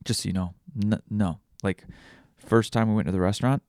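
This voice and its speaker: A man's voice: lowish voice, fairly even intonation, brisk, darkish tone, clear, resonant tone, no room sound, clean studio sound. A man hosting a casual solo podcast, rambling and self-deprecating with crude jokes. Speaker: podcast host.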